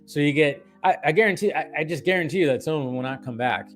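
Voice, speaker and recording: Male streamer, slightly high pitch, loose profane rambling delivery over faint music. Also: quick pace. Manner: animated, profane, rambling with restarts. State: tired and caffeinated. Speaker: film commentary streamer. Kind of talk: casual livestream rant.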